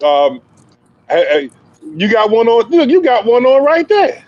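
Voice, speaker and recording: A man's voice: very high voice, very animated, a little slow, a little mellow, dull audio. A man hosting a casual podcast interview, talking in a hype, slangy, playful banter style. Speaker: podcast host interviewing a youth player.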